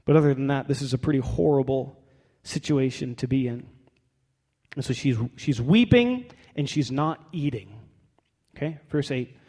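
A man's voice: medium pitch, animated, normal speed, mellow, breathy edge. A man pastor preaching a sermon in a conversational, wry way, reading scripture aloud in a church. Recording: long hall reverb.

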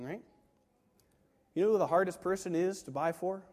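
Male pastor, high voice, emphatic delivery, long hall reverb, sermon. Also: brisk, warm tone. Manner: emphatic, rhetorical questions, acts out quoted voices. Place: large room with a live congregation.

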